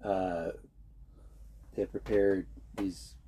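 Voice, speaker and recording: A man's voice: low-pitched, steady tone, very slow, dark tone, slight background noise. A young man in casual conversation, speaking earnestly and hesitantly, often restarting his sentences. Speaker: guest. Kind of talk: casual chat.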